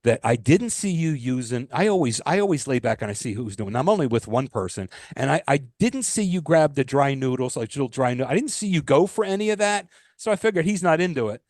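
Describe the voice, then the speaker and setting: Animated, rambling man podcast co-host. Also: mid-range voice, fairly quick, hardly any pauses, no echo, studio quality. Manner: rambling, animated storytelling with restarts and swearing. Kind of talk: casual chat.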